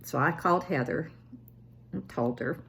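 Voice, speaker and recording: A woman's voice: sits low, normal speed, vocal fry, a little hiss or hum. A woman in her seventies telling family stories in a casual, self-deprecating vlog. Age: 70s. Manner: self-deprecating, animated when quoting family. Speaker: vlogger.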